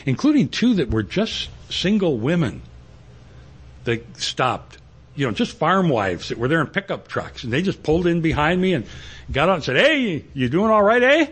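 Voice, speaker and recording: A man's voice: mid-range voice, slight background noise. A male pastor preaching a sermon, telling a rambling, folksy personal story.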